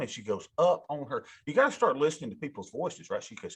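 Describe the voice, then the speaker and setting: A man lecturing a college class, animated and folksy, talking straight to his students in a classroom. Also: on the high side, racing, few pauses, husky. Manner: animated, talks to students directly, folksy asides. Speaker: college instructor.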